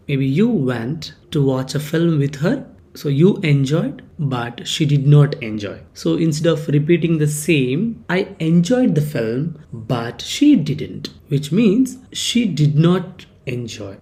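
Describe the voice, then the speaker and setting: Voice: medium pitch, darkish tone. A teacher, explaining grammar patiently and repeating example sentences with stress. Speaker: English teacher.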